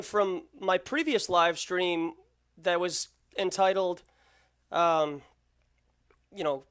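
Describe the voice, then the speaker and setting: A channel host giving slow, deliberate, lecturing commentary on a live stream. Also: medium pitch.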